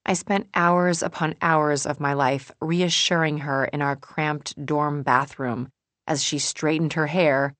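A young woman reads a first-person novel with wry, sardonic introspection. Her voice sits low, and the close studio recording is dry with no room sound. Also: fairly even intonation, takes it slowly, a bit bright, dry recording. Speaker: audiobook narrator. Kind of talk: first-person scripted narration.

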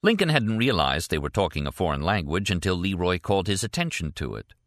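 A man narrating an audiobook in a steady, deliberate reading voice. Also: sits low, no echo, clean studio sound. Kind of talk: scripted narration.

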